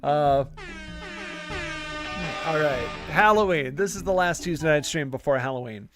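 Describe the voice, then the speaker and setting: A man hosting a gameplay live stream, talking in a casual, rambling way. His voice sits a bit high for a man, and he jokes at his own expense. Faint music plays in the background. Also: a little slow. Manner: chatty, rambling, self-deprecating, many fillers. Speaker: gaming channel host.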